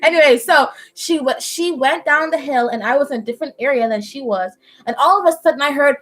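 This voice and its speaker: High-voiced Bahamian woman telling a story. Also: a little fast, rough recording. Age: young adult. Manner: animated, chatty storyteller with frequent laughs. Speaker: live-stream host. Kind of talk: casual chat, storytelling. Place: at home indoors.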